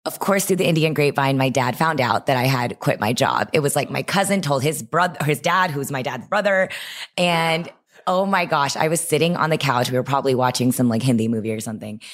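A young woman with a notably low, deep voice, speaking as a podcast guest. She tells her story with energy and acts out her own inner thoughts and past doubts in quick asides. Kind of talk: podcast interview.

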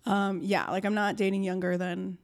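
A woman's voice: medium pitch, little pitch movement, moderate pace. Chatty woman, laughing often. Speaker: comedian guest. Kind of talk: casual podcast chat.

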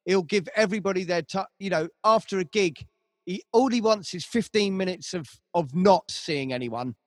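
A man's voice: high voice, normal speed, dry recording, studio quality. A man, a band manager telling rambling stories in casual conversation, with a lot of swearing and restarts. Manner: rambling storytelling, heavy swearing, frequent restarts.

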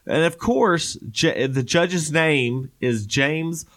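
A man's voice: on the high side, slow, a bit bright. A man, co-hosting a casual chat in which he reads odd news stories with joking, rambling asides and frequent laughs. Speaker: podcast co-host.

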